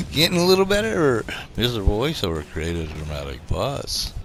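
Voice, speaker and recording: Male gameplay narrator, lowish voice, rambling and playful, home studio feel. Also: huge pitch swings, normal speed, a bit bright, slight background noise. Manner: rambling and jokey, laughs often. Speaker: gameplay commentator. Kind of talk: unscripted gameplay voice-over. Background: background music.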